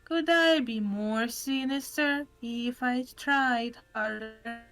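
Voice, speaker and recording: Woman playing a slow robotic sinister troll girl. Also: on the high side, soft background music, poor audio. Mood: brooding. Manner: slow flat robotic delivery. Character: gloomy sinister female troll influencer, self-pitying. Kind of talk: reading game dialogue aloud.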